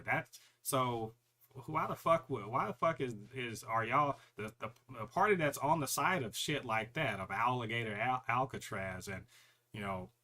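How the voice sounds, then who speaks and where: A man co-hosting a podcast, talking in a loose, animated rant full of profanity and mocking impressions of other people. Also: medium pitch. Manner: animated, profane, mocks others in put-on voices. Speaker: podcast co-host. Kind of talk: casual chat.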